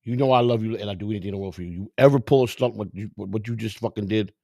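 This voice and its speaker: A gruff, foul-mouthed older baseball manager, put on by a man telling a story, who speaks bluntly and swears at every turn. His voice sits low and gravelly, and it is recorded close and dry. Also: very fast, mellow, no echo. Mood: stern.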